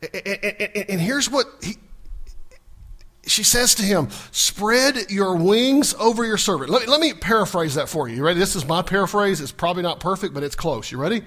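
A man with a high voice preaches to his congregation. He keeps asking the listeners questions and plays the scripture characters' lines himself. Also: normal speed. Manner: animated, asks the congregation questions, acts out scripture dialogue. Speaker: pastor. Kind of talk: sermon.

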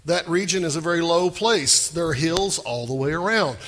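Emphatic preacher, bright husky voice. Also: male voice, a little high, moderate pace, long reverb tail. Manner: animated, emphatic, asks the crowd questions. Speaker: pastor. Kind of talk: sermon.

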